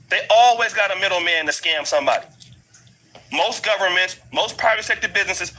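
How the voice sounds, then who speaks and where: Blunt, husky Black American man ranting. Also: high voice, pushed and bright, poor audio. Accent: African American English. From United States. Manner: blunt, emphatic, repeats points for force. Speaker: commentary vlogger. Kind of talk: ranting commentary. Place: living abroad.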